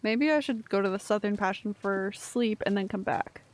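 A woman's voice: medium pitch, normal speed. A young woman streaming a video game, chatting casually and rambling, swearing freely and poking fun at herself. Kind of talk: casual gameplay commentary.

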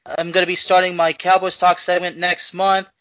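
A man's voice: high-pitched, flat delivery, normal speed, pushed and bright, dry recording, low-quality recording. A man co-hosting a podcast, chatting casually and thinking aloud with restarts. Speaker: podcast co-host.

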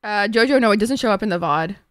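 A woman's voice: medium pitch, animated, quick pace, clear, resonant tone, no room sound, clean studio sound. Flustered swearing woman streamer. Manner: flustered, swearing, talks to chat. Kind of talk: casual live-stream chat.

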